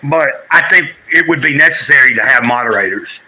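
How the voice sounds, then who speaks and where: A man's voice: mid-range voice, expressive, a little fast, bright, forceful tone, husky, rough recording. A man chatting live to his stream viewers, teary and rambling, drifting between spiritual musings and talk with his chat. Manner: rambling, earnest, preachy in spells, addresses chat.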